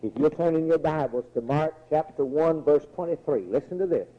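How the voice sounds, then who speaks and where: A male preacher delivers a sermon with insistent, repetitive emphasis. His voice sits somewhat higher than most men's. The recording is muffled and lo-fi. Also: fairly quick. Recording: dull lo-fi recording.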